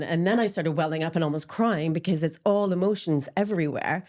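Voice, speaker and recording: Low-pitched middle-aged woman, frank and self-deprecating guest, loose conversational delivery. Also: fairly quick, a little mellow. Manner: open and candid, frequent ums, laughs at herself. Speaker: interview guest, menopause support group founder. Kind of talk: candid conversational interview.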